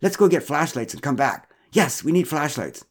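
A rattled middle-aged father, loud and high-strung, stammering through excuses, as a man puts him on. The voice jumps around with plenty of swing, blustering and defensive. A storybook figure. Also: big pitch swings, moderate pace. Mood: flustered. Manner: blustering, stammering, protests too much.

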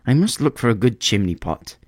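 A man's voice: medium pitch, big pitch swings, fairly quick, no echo, studio quality, pitched above the performer's own voice. A man voicing a fussy, self-important little male swallow in a storybook reading. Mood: indignant.

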